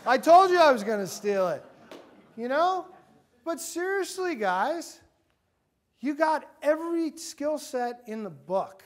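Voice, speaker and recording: A middle-aged man giving an energetic motivational talk to a university group, acting out quotes as he goes. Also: high-pitched. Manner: energetic, animated, acts out quotes. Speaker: guest speaker. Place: university meeting room.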